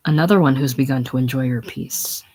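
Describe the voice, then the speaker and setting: A man's voice: mid-range voice, fairly quick, darkish tone, husky, close to an everyday voice. A man voicing a weary, bitter male cynic in a play reading. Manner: bitter, condemning.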